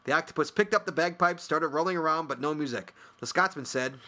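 A man's voice: on the high side, a little fast, pushed and bright. A man co-hosting a casual podcast, reading listener emails aloud, joking, laughing often and swearing casually. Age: adult with a son. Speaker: podcast co-host.

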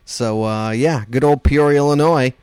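A man's voice: mid-range voice, normal speed, a little mellow, smooth, dry recording. A man hosting a casual podcast, joking and laughing often with his co-host. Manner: jokey, laughs a lot, exclaims.

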